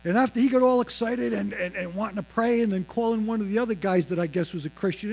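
A man in his fifties telling a personal faith testimony, acting out the voices of others and dropping low and slow on solemn lines. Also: gravelly, darkish tone, low-quality recording. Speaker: speaker giving his testimony.

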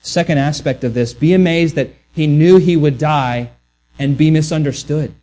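Guy preaching, kinda higher voice, earnest, stumbles and restarts a lot. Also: normal speed, warm tone. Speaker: pastor. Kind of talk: sermon.

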